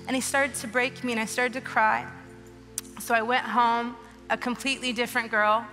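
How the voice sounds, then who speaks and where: Bright-voiced woman preaching in a big hall. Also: on the high side, little pitch movement, moderate pace. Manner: emotional, earnest, preaching with rising urgency. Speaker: guest speaker. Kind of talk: testimony sermon at a church conference. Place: large church auditorium. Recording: long hall reverb with soft music behind.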